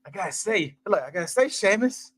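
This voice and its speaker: A man co-hosting a casual movie podcast, animated, joking and full of slang. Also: sits high, a little fast, slightly rough. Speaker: podcast co-host. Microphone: live stream mic.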